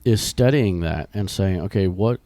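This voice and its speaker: A man co-hosting a ministry podcast in casual chat, talking in loose, restarting sentences while his voice is rough from being sick. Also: low-pitched, moderate pace, dark tone, no room sound. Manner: rambling, many restarts and fillers. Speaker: podcast co-host.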